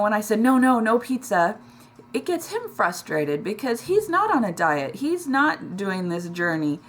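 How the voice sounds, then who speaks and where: A middle-aged woman talking in a personal vlog, emotional and close to tears, halting with many ums and restarts. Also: fairly high pitch, a bit bright, slight background noise. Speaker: weight loss vlogger.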